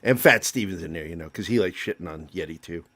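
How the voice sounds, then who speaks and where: A man's voice: low-pitched, fast, fairly bright tone. A man guesting on a livestream, joking and teasing in casual chat over a video call. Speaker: guest YouTuber.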